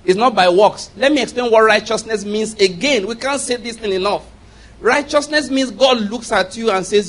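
This preacher's voice is high-pitched and fairly bright, and he moves at a moderate pace. He presses his points with repetition, repeating key phrases and posing call-and-response questions to the congregation in an emphatic style.

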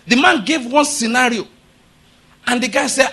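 Male preacher, high and bright, emphatic, keeps questioning the congregation. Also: animated, moderate pace, long pauses, breathy edge. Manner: emphatic, rhetorical questions to the audience. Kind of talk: sermon.

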